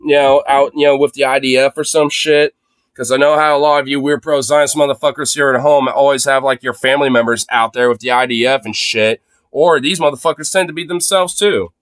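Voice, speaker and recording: A man's voice: mid-range voice, steady tone, a little fast, a bit bright, no echo. A young man streaming live from his phone, ranting sarcastically and profanely through his commentary. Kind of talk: livestream commentary rant.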